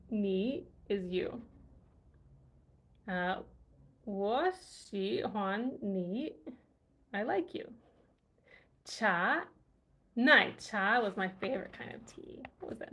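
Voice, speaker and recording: Slow, chatty woman language vlogger. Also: mid-range voice, lively intonation, fairly bright tone. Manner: chatty, laughs often, muses aloud. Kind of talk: casual livestream chat.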